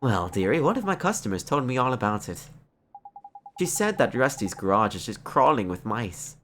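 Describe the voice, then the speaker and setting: A woman playing a kindly older woman from a game, cooing and motherly as she fusses. Her voice sits low and sways warmly up and down. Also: big pitch swings, normal speed, slight background noise. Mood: chatty.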